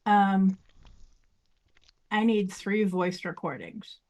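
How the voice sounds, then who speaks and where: A woman's voice: mid-range voice, lively intonation, very slow, darkish tone. A woman playing a tabletop game, laying out her plans aloud with frequent fillers. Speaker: player. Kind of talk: casual tabletop play.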